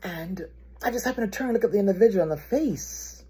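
A woman preaching a sermon in a lively storytelling way, acting out the excited voices of people she quotes. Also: mid-range voice, fast talker, breathy edge. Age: adult.

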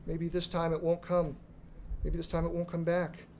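A man's voice: fairly high pitch, monotone, moderate pace, darkish tone, slight background noise, close to an everyday voice. Give me frightened villagers pleading not to watch, as a male reader puts them on. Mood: fearful.

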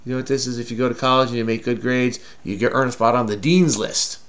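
A man with a steady, medium-pitched voice, a little bright, speaks quickly. He's leading a casual crossword with a child, teasing in a playful way and explaining the clues with patience.

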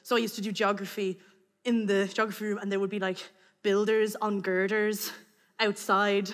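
An Irish woman telling a comic personal story to an audience, lively and acting out the voices of the people in it. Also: medium pitch, normal speed, big-room sound. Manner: lively, acts out voices, breaks into laughter.

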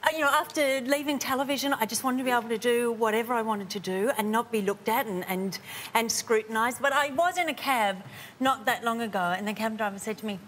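A middle-aged woman chatting as a talk show guest, dry and self-mocking as she spins her stories. Her voice sits a little high, with a faint hiss behind it. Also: fairly quick, a bit bright. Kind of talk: casual chat and anecdote. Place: TV studio before an audience.

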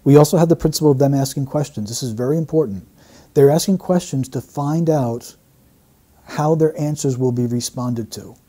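A man working as a statement analyst, giving measured, explanatory commentary and repeating key phrases as he breaks down an interview. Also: mid-range voice, dark tone.

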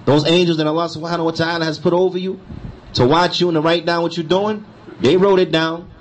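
A man's voice: a little high, steady tone, fast, slight background noise, poor audio. A man giving a religious lesson, switching between recited Arabic and emphatic, repetitive explanation. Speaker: Islamic teacher. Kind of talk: lecture explaining a hadith.

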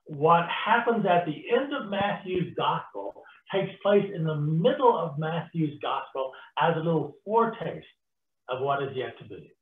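Male Bible teacher, lively storytelling, fairly high voice, tinny phone-like sound, roomy echo. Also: measured pace. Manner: animated storytelling with acted-out quotes. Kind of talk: teaching an online Bible study. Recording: tinny phone-like audio in an echoey room.

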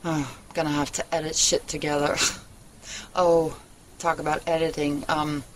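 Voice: medium pitch, little pitch movement, normal speed, poor audio. A vlogger rambling through a casual monologue in a mid-range voice, blunt and profane, cutting sentences short and starting them again. A faint hum of room noise sits behind the voice. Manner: blunt and profane, trails off and restarts. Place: at home, living in Germany.

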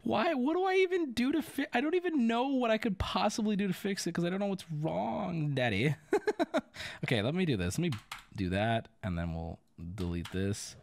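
A man's voice: high-pitched, expressive, moderate pace, creaky. A young man streaming live, flustered and swearing while he fixes his audio, breaking into laughter.

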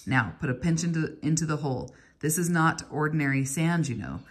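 A woman reading aloud, voicing a kindly, wry old male stonecutter in a storybook, with a low, slightly husky voice. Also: animated, a little fast. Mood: warning.

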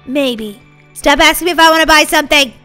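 A bubbly, excitable woman talks her fans through a video game, with a very high voice. Her tone is bright and sharp. Faint music plays behind her. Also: fairly quick. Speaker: gaming channel host. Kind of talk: playing a video game and commenting.

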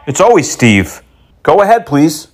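Very animated and fairly high-pitched, this scam-baiting prankster keeps a measured pace as he needles phone scammers, ridiculing them and tossing in Hindi words and insults.

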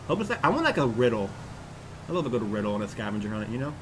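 A young man casually commenting as he plays a video game, animated and prone to shouting at what happens on screen. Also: medium pitch, rapid-fire, a little hiss or hum. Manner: animated, exclaims and yells at the game. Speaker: gaming YouTuber.

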